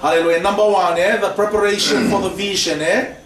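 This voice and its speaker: Talking fast, a pastor leads mission training with a sermon in a church hall, peppered with "praise the Lord" and "eh?". His voice sits high and fairly bright, and his tone stays steady. The mic is distant and the hall echoes.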